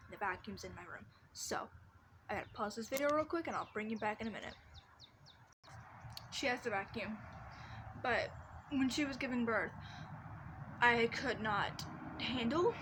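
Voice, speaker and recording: Background noise accompanies this teenage vlogger's medium-pitched voice. Sitting in her bedroom, she rambles through personal stories casually, with many restarts and fillers.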